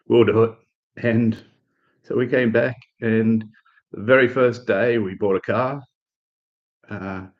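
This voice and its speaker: Telling a loose, easygoing story on a live stream, an Australian man chats with lots of fillers and restarts. His voice is lowish, and the recording cuts off the highs.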